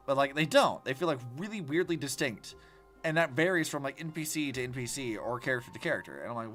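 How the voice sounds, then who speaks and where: Male streamer, casual game commentary, profane rants, very animated pitch. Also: quick pace, faint music behind. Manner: rambling, profane, animated ranting. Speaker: vtuber streamer.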